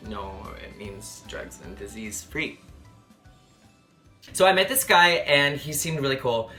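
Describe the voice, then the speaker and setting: Sassy bright-voiced young man. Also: mid-range voice, a little slow, soft background music. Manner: sassy, animated and profane. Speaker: travel vlogger. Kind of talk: comedic storytelling to camera.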